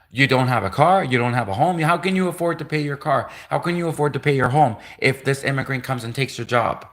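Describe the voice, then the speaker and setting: A man's voice: mid-range voice, fast, hardly any pauses, fairly bright tone. A man in his forties ranting on a livestream, emphatic and repetitive. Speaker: livestream host. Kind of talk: livestream rant.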